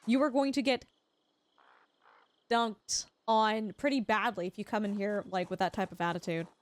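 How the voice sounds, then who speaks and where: A woman's voice: medium pitch, steady tone, moderate pace. A woman streamer chatting casually while gaming, telling rambling stories and laughing often. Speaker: Twitch streamer.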